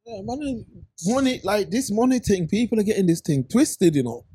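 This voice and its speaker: A man co-hosting a podcast, chatting in animated, slangy banter. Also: high voice, normal speed, slightly rough. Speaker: podcast co-host.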